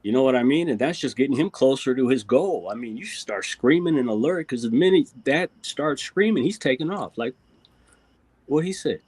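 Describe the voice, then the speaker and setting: A man talking bluntly in slangy, animated speech during a discussion. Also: medium pitch, normal speed, husky, no room sound. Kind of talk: casual discussion.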